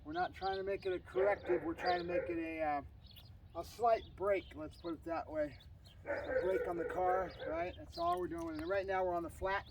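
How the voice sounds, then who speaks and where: A man's voice: high voice, lively intonation, moderate pace. A man who is a dog trainer, chatting casually to the camera and praising his puppy in short bursts. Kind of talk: casual training vlog with commentary. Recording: distant mic with loud background noise.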